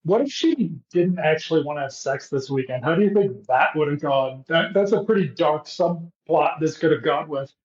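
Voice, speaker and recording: A man's voice: on the high side, lively intonation, moderate pace, hardly any pauses. Sarcastic swearing man, echoey lo-fi. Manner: profane, sarcastic riffing. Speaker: podcast co-host. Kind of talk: casual comedic recap chat. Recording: echoey, dull lo-fi room sound.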